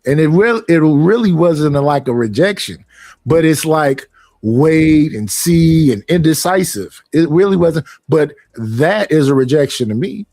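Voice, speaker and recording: A man's voice: a little high, measured pace, dry recording, studio quality. A man talking bluntly in a casual discussion, acting out both sides of his stories. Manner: blunt, animated storytelling.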